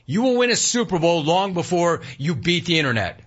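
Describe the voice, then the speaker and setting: A man's voice: fairly high pitch, sing-song, brisk, slightly rough. A man hosting a sports talk radio show, delivering a punchy, emphatic monologue and repeating lines for effect. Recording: muffled broadcast audio with faint music.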